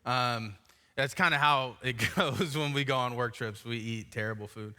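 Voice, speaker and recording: A man's voice: medium pitch, moderate pace, sharp tone, clean tone. A man in his thirties, a pastor, giving a sermon in a church, telling a self-mocking personal story in a casual way. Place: church sanctuary.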